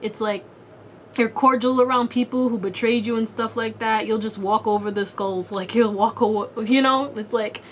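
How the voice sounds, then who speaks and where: A woman's voice: a little high, fairly even intonation, normal speed, slight background noise. A woman giving a casual pick-a-card tarot reading, speaking straight to the viewer in a slangy, blunt way and swearing freely. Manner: talks straight to the viewer in second person. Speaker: tarot reader.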